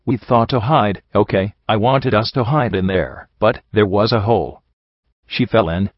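A gentle, anxious young pony mare who speaks softly and slowly with a shaky edge, as a man reads her in a low voice. The sound is dull and close, with no room around it. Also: dry recording, natural voice. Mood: shaken. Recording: dull, dry.

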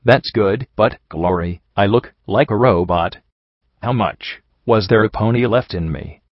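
An anxious, self-conscious young pony mare, played by a man reading low, hesitant and awkward in every line. The sound is dry and a bit muffled, like a home audiobook recording. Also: unhurried, no echo. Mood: nervous. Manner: nervous, hesitant.

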